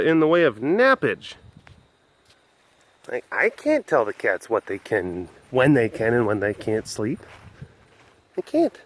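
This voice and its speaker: A man hosting a casual outdoor webcast at an animal compound. He rambles and jokes with little laughs, his fairly high voice swinging in a lively way. The pace is slow and easygoing. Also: dry recording. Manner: joking, rambling, giggly. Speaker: vlog host at a wild animal facility.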